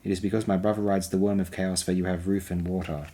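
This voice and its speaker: A man voicing a young woman oracle who speaks in sharp, scolding pronouncements. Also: low-pitched, flat delivery, fast talker, a little hiss or hum, natural voice.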